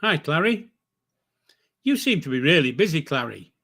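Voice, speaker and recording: A man's voice: fairly high pitch, sing-song, normal speed, bright, forceful tone. Chatty older man on a livestream. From northern England. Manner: chatty, rambling, jokey, with frequent fillers and self-corrections. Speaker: livestream host reading chat. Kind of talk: casual live-stream chat.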